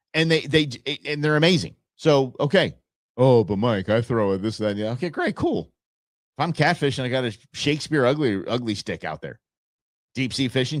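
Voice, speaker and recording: A man's voice: medium pitch, dry recording, studio quality. A man hosting his own show, talking casually and enthusiastically, rambling through stories and restarting his sentences. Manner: rambling, enthusiastic, self-interrupting. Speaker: show host. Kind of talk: casual solo podcast talk.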